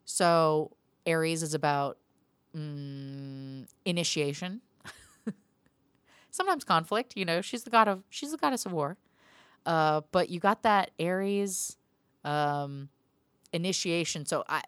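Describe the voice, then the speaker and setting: A woman's voice: low-pitched, a bit bright, smooth, no echo. A woman hosting her own podcast, chatting loosely and swearing freely, with frequent laughs. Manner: profane, rambling, laughs often. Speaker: podcast host. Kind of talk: casual solo podcast pep talk.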